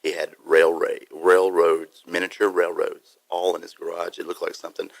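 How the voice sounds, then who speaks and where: Songwriter guest, low gravelly man, relaxed and reflective. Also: normal speed, dry recording. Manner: easygoing, thoughtful, trails off into fillers. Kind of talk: casual radio chat.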